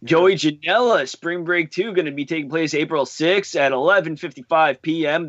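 Man, podcast co-host, bright tense voice, dry close sound, dull lo-fi recording. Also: a little high, normal speed, few pauses, dry recording. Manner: brief agreeable replies, plain news-reading delivery. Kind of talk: casual wrestling chat.

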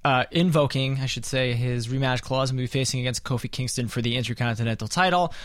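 A man's voice: mid-range voice, fast talker, no room sound, clean studio sound. Man hosting casual podcast banter. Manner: runs the segment, reading out matches and taking picks. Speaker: podcast co-host. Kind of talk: casual wrestling chat.

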